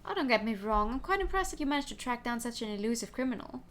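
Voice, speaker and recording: A woman's voice: on the high side, expressive, fast, a bit bright, a little hiss or hum. A woman voicing a smug, probing male bird prosecutor in a game.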